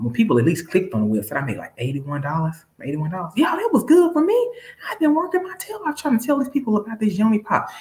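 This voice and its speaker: Woman going live, preachy and pumped, voice jumps up and down a lot, kinda echoey room. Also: deep voice. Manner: preachy and emphatic, addresses viewers as y'all. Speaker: live-stream seller. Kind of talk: motivational live-stream talk.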